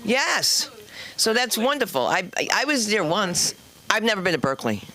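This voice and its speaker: This woman hosts a stand-up comedy night on a club stage, teasing audience members in a chatty way. She has a medium-pitched, sing-song voice that is pushed and bright, at a normal pace.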